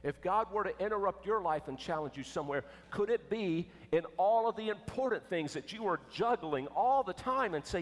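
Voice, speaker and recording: Emphatic preacher in an echoey church. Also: male voice, sits high, expressive, moderate pace, hardly any pauses. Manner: emphatic, swinging from loud to hushed. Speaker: pastor. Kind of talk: sermon. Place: church sanctuary. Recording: echoey church with long reverb.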